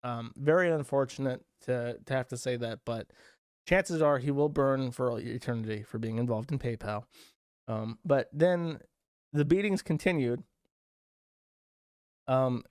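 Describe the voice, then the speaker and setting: A man's voice: mid-range voice, moderate pace, no echo, studio quality. A man hosting a commentary show, rambling through his points in a mocking, sarcastic way with fillers and restarts. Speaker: host.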